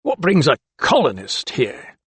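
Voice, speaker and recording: A man's voice: mid-range voice, expressive, fast talker, creaky, no room sound, full character voice. A man voicing a broad, mean prison keeper who barks his words bluntly. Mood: gruff. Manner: barking, forceful delivery. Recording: dry close studio sound.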